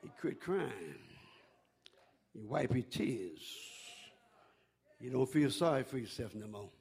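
An older man preaching a sermon in call-and-response style, dropping to a hush and then rising to a shout. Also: mid-range voice, very animated, slow, creaky, pauses often, breathy edge.

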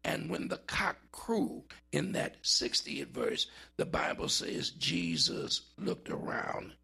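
A man preaching a sermon in a dramatic style, with big swings in pitch and drawn-out words for emphasis. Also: lively intonation, creaky, sharp tone, husky.

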